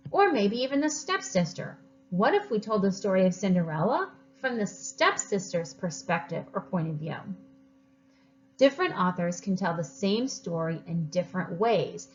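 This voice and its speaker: A woman teacher reading a story aloud to children, expressive and encouraging. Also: medium pitch, normal speed, highs cut off, soft background music.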